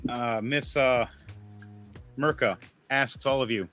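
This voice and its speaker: A man narrating a tabletop game as game master in a casual, halting way with many restarts. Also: medium pitch, bright, forceful tone, soft background music.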